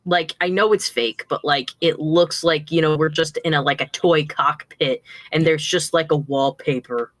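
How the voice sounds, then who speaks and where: A woman chatting casually on a livestream while playing a game, chatty and animated. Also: low voice, moderate pace, hardly any pauses, no room sound. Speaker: guest playing the game on stream. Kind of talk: casual chat.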